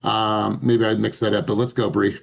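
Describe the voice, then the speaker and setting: A man's voice: on the low side, little pitch movement, moderate pace, creaky. Hyped male sales coach on a call. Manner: hyped, calls on people by name. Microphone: video call.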